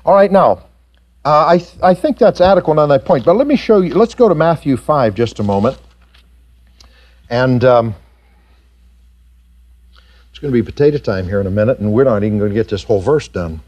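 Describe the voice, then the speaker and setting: A man preaching a sermon to his congregation, animated and rising high in pitch when he acts out doubters. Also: fairly quick, long pauses, lo-fi sound. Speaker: pastor. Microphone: pulpit mic recorded for tape.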